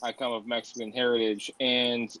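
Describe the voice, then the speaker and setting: Halting American man asking questions. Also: medium pitch, flat delivery, fairly bright tone, dry recording, rough recording. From United States. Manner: hesitant, halting, with uhs. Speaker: interview co-host. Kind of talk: casual interview chat.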